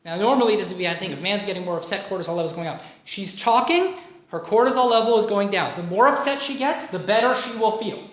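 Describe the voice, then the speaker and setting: A woman leading a relationship workshop as a coach, talking in a lively way and often checking in with her listeners. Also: mid-range voice, fast. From Canada. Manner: animated, frequent "okay?" and "right?" checks, acts out quoted voices. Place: workshop room. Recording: echoey room, faint noise.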